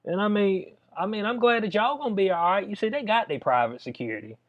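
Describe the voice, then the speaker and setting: Fast and lively in intonation, this man's high voice carries casual video commentary. He reads a letter aloud and reacts conversationally with a drawl, calling the listener "bud." The sound quality is dull and lo-fi.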